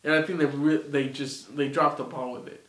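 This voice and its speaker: A man's voice: fairly high pitch, flat delivery, normal speed, a bit bright. A man giving a casual, rambling opinion rant, swearing often and sounding exasperated. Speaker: video reviewer. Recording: roomy echo, off-mic.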